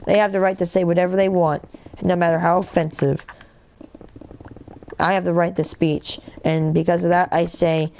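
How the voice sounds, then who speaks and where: A woman's voice: fairly low pitch, level tone, normal speed, creaky, pauses often, darkish tone. A woman streaming a game live, ranting in a heated, indignant way with lots of fillers and restarts. She is from the United States. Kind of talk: rambling live-stream rant while gaming.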